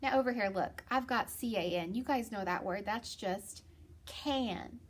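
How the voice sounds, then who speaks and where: A woman's voice: on the high side, unhurried, slight background noise. A woman teaching a phonics lesson to children, patient and encouraging, asking questions and answering them herself.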